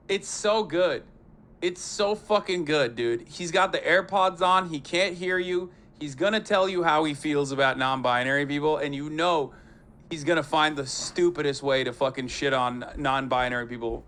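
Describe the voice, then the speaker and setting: A man streaming live, giving casual reaction commentary in a sarcastic, profane, animated way. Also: a little high.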